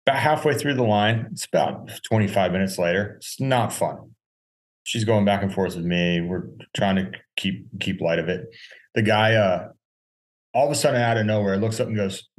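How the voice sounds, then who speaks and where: A man co-hosting a podcast, telling casual stories with lively quoted dialogue and frequent laughter. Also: sits low. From North Carolina. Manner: animated anecdotes, acts out quoted voices, laughs often. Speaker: podcast co-host. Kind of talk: casual chat, storytelling.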